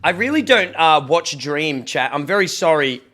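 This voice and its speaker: A man's voice: fairly high pitch, expressive, normal speed, pushed and bright. A young Australian man, a streamer, chatting casually with his viewers, joking and reading the chat aloud, a bit sniffly from hay fever.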